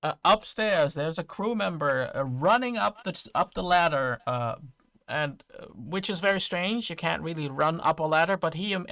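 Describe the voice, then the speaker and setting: A man narrating a tabletop game as game master, speaking in a halting way with many fillers and restarts. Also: fairly high pitch, bright, forceful tone, no echo.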